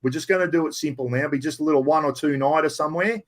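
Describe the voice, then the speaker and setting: A man's voice: fairly high pitch, quick pace. An older Australian man answering viewers' chat questions on a live stream, blunt and blokey, swearing casually and calling everyone mate.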